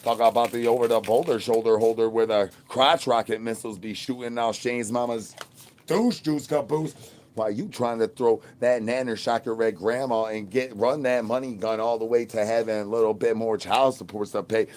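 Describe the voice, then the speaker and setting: A man hosting a phone livestream in a crude, slang-heavy ramble, repeating rhyming catchphrases and swinging between loud bursts and low mutters. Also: level tone, fairly quick, few pauses, slight background noise. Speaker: livestream host. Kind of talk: rambling live stream chat.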